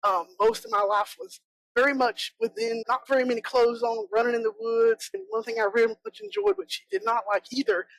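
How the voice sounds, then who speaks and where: Lively, gravelly Southern woman speaker. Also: on the high side, brisk, dry recording, low-quality recording. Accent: Southern American. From South Georgia, USA. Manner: chatty, joking, animated. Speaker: conference speaker, bee inspector. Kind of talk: conference talk. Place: conference room.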